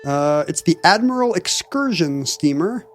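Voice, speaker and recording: A man's voice: on the high side, expressive, unhurried, soft background music. A man co-hosting a podcast in casual chat, wry and bookish as he riffs. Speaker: podcast co-host.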